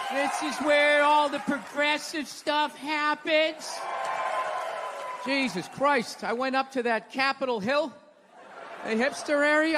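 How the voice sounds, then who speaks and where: A middle-aged man doing stand-up comedy, ranting loudly with profanity and dropping to mumbles between yells. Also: very high voice. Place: large theater stage. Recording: live theater recording with long hall reverb and crowd noise. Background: audience laughter and applause.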